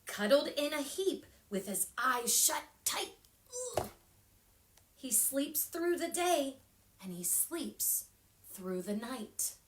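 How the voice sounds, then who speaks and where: A woman children's librarian reading a picture book aloud at storytime, animated and expressive, with sound effects and whispered asides. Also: high-pitched, slow pace, slight background noise. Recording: echoey room.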